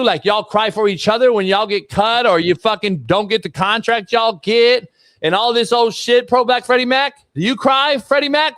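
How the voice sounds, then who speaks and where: A man's voice: sits high, fairly bright tone, no room sound. A man hosting a sports talk show, ranting bluntly and profanely about football. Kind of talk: casual profane sports rant.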